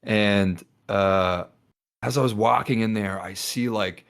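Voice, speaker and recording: A young podcast co-host with a lowish, clear and resonant voice takes his time, with some vocal fry. Chatting casually with friends, he tells an animated, rambling story and acts out the voices of the people in it.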